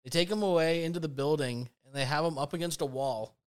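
A young man co-hosting a casual podcast, telling a long story in a loose, rambling way. His voice sits a little high for a man and comes across smooth and clear. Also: fast. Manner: rambling, filler-heavy storytelling with laughs. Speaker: podcast co-host.

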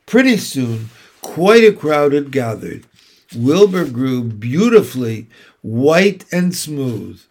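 A man reading a children's book aloud, narrating slowly and deliberately. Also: mid-range voice, sing-song. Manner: slow, deliberate storytelling.

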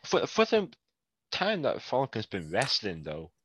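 A man's voice: medium pitch, huge pitch swings, unhurried, a bit bright, slight background noise, rough recording. A man hosting a casual wrestling chat, telling anecdotes and laughing often. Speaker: podcast host.

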